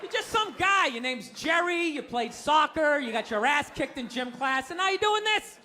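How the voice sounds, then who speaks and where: Here a male Boston comic in his fifties, with a bright, extremely high-pitched voice at normal speed, rants through a stand-up set. He's animated and incredulous and acts out voices, while the live club recording picks up audience noise and laughter.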